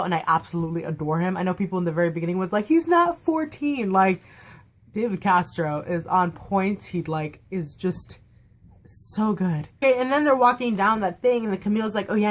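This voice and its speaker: A young woman chatting through a casual fan review of a TV episode, gushing and filling her talk with "like". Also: mid-range voice. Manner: gushing, chatty, heavy use of "like" fillers. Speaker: TV show reviewer.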